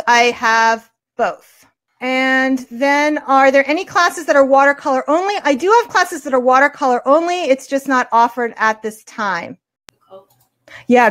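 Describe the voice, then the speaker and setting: A woman with a New York accent and a high, bright-sitting voice hosts a live art webinar. She fields viewer questions in an upbeat, chatty manner and answers each one quickly. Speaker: art teacher hosting a webinar.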